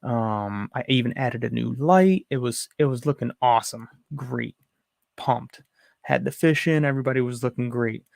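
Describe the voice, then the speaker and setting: A young man who vlogs about aquarium keeping tells a frustrated, rambling story from a room at home. His medium-pitched voice is creaky and darkish, at normal speed, recorded with studio quality and no room sound, and he often restarts as he recounts what happened.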